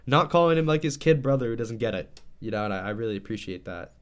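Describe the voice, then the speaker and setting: A man in casual chat as a manga discussion co-host, enthusiastic and quick to laugh. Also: medium pitch, animated, clear, resonant tone. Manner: enthusiastic, laughing, acts out quotes.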